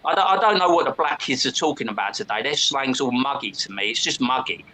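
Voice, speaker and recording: A man's voice: medium pitch, lively intonation, quick pace, pushed and bright, a little hiss or hum, low-quality recording. A man from England, chatting bluntly and swearing freely. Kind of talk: casual chat.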